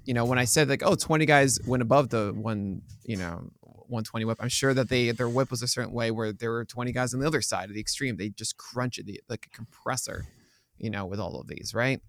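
A man co-hosting a podcast, chatting casually and joking, often trailing off into quieter asides. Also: mid-range voice, fairly quick. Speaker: podcast co-host. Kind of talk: casual chat.

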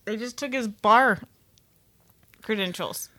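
Bright-voiced wry female co-host. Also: a little high, slow. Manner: wry, skeptical, with fillers like "I mean" and "like". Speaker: talk show co-host. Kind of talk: casual political chat.

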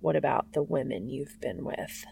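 A woman performs the part of an intense man, using a hoarse, husky, ravaged voice. She speaks slowly and seductively in a hush, her own voice mid-range, with slight background noise.

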